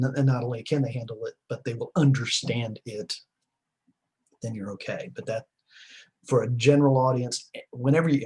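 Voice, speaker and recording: A man's voice: medium pitch, darkish tone, husky. A man lecturing a class in a conversational way, with fillers and short emphatic repeats.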